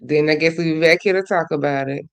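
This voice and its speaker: A woman hosting a casual livestream, chatting and gossiping as she reads out viewers' comments, swinging between loud bursts and low mutters. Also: fast talker, no room sound. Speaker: livestream host.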